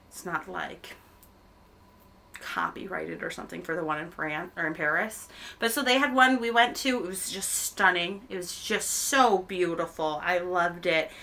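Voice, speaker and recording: A woman's voice: fairly low pitch, sharp tone. An American-raised woman hosting a knitting podcast, chatting casually and rambling with ums and self-corrections as she knits at home on a camera mic. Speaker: podcast host. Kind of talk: casual chat while knitting.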